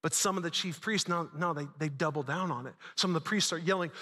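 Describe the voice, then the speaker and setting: A man's voice: high voice, brisk, sharp tone, in a large hall. A man preaching a sermon, retelling a story dramatically with casual asides. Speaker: pastor.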